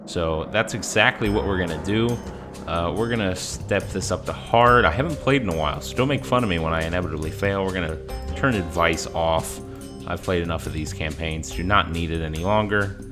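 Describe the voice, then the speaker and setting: A man's voice: low voice, a little fast, music in the background. A man casually commenting on his strategy game as he plays, chatty and explanatory, with frequent fillers. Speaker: gaming channel host.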